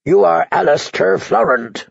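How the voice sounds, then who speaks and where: Man reading a grim knight, terse, flat, gravelly voice, dry close sound. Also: a little high, measured pace, no echo, lo-fi sound, voice pushed up, full character voice. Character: weary, grim middle-aged male knight.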